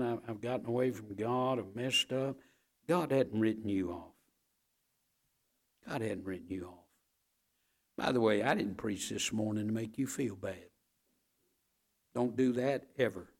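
A man preaching a sermon as pastor, emphatic, repeating key lines and swinging between booming and hushed.

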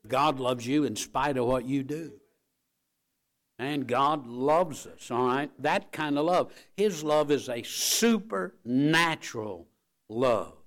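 A middle-aged man delivering a sermon in an emphatic preaching style. He repeats key phrases for weight and moves between hushed, low stretches and loud, driving climaxes. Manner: emphatic, repeats phrases, rises and falls in volume.

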